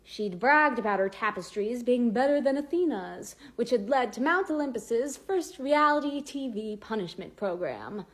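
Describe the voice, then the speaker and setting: A woman's voice: on the high side, animated, normal speed, hardly any pauses. A woman reading a novel aloud with dramatic, varied pacing. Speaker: audiobook reader. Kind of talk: expressive book narration.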